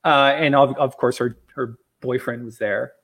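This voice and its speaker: A middle-aged man telling stories as a guest on a talk show, acting out the quotes with lively energy. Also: medium pitch, unhurried, gravelly. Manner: animated storyteller, acts out quotes.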